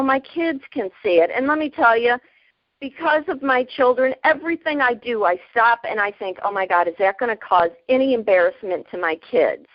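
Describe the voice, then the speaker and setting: A woman in her fifties, a podcast guest, telling stories in a lively, plainspoken way, often breaking into laughter. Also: on the high side, no room sound, muffled recording. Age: 50s. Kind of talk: casual storytelling.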